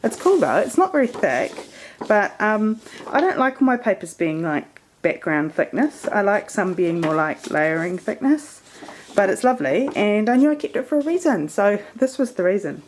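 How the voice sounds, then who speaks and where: A woman's voice: mid-range voice, big pitch swings, normal speed, a little hiss or hum. Chatty woman showing crafts. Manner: chatty and meandering, many fillers. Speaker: scrapbooking vlogger. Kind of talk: casual crafting show-and-tell.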